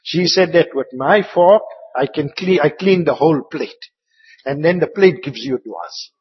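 A man giving an Islamic religious talk with stories, rambling and repeating words, sometimes dropping into soft asides. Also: a little high, animated, measured pace, husky. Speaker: Islamic preacher. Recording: muffled, echoey hall.

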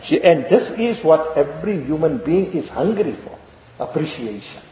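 A man with a somewhat high voice delivers a sermon, full of stories and rhetorical questions. His words ring through a long, echoey hall. The recording sounds dull and lo-fi. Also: very animated, normal speed. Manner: rhetorical questions and repetition, storytelling. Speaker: preacher.

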